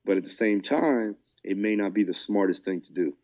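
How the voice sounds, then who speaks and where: A man's voice: lowish voice, moderate pace, darkish tone, lo-fi sound. A man co-hosting a podcast as a fight coach, talking in a laid-back, casual way and often saying "man". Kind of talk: casual chat.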